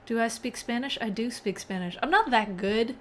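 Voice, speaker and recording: A young woman with a fairly high-pitched voice hosts a casual live-coding stream at a moderate pace, over a little hiss or hum. She's chatty, reads viewers' messages aloud and laughs often.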